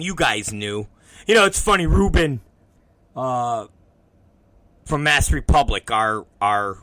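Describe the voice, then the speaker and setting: Animated, profane male show host. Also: mid-range voice, no echo. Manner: swears often, acts out both sides of conversations. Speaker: podcast host. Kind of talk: casual profane monologue.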